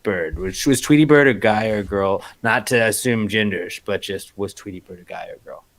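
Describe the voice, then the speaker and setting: A man's voice: fairly low pitch, a little fast, a bit bright. A man co-hosting a podcast, chatting casually with wry jokes and exaggerated rants. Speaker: podcast co-host. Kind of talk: casual chat.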